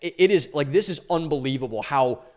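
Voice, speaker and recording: A young male podcast host delivers a solo commentary monologue in a somewhat high voice. He talks with opinionated energy and leans hard on key words, stretching them out for emphasis. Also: lively intonation, a little fast. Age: young adult. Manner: emphatic, drawing out stressed words.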